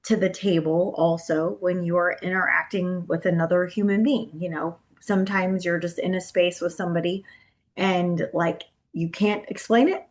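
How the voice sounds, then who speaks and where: A woman with a fairly low voice gives an educational talk to caregivers. She speaks casually, sprinkling in "you know" and "um", and keeps a gentle, encouraging tone. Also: steady tone, normal speed. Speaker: presenter on brain health.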